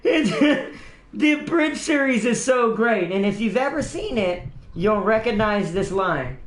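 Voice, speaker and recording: A male streamer with a high voice rambles through casual gaming chat, enthusiastic and quick to laugh. His voice echoes around the room he records in, which gives it a hollow, roomy ring. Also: animated. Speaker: streamer host.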